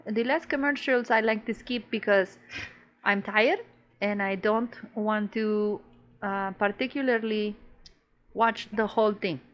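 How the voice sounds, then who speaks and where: A woman's voice: medium pitch, steady tone, unhurried, muffled recording. A woman co-hosting a podcast in casual chat, blunt and sweary, often saying bro. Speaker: podcast co-host.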